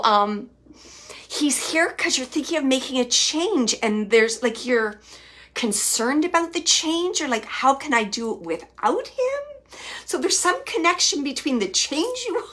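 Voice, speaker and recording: Lady medium doing a spirit reading, soft and halting, keeps repeating herself, sometimes goes whispery. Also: sits high. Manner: soft, halting, lots of restarts and repeated phrases; drops to near-whispers at times. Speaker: psychic medium host. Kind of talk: live spirit reading, relaying messages.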